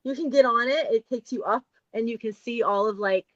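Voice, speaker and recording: A woman joins as a guest in a casual chat. She talks in a relaxed way and often trails off. Her remote audio sounds dry and a little muffled. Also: on the high side, a little fast, dry recording. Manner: relaxed, laughs easily, trails off.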